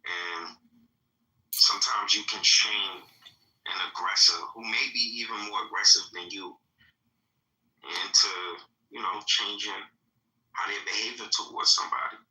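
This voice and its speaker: A man guesting on a casual chat, talking in a measured, oddly formal way. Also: fairly low pitch, fairly even intonation, pushed and bright. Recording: distant, echoey mic.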